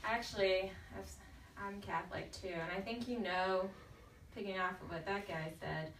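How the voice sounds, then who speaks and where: A young woman performing a stand-up set in a halting, casual way. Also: mid-range voice, fairly even intonation, fairly bright tone. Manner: halting, casual delivery with fillers. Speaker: stand-up comedian. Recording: roomy, distant, faint noise.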